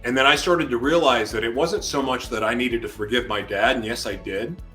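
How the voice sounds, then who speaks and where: A man as an interview guest, telling a personal testimony in an animated way and acting out his own shouted words. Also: mid-range voice, a little fast, faint music behind.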